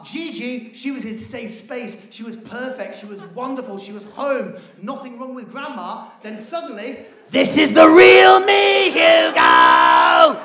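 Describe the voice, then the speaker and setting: An English man performing stand-up comedy on a theatre stage, telling an animated story and shouting out the punchlines. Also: very high-pitched. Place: theatre stage before a laughing audience. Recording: roomy theatre with crowd laughter.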